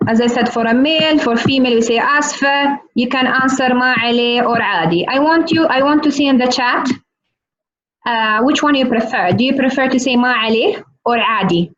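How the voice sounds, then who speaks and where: A woman teaching a live online lesson over a video call, playful and teasing, repeating words slowly. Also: on the high side, fairly bright tone. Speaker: Arabic teacher. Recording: muffled video call audio.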